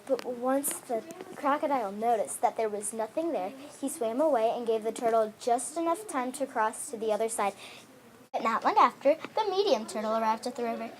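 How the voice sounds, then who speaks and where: A woman reading her own fairy tale aloud in an expressive storybook manner. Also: fairly high pitch, fairly quick.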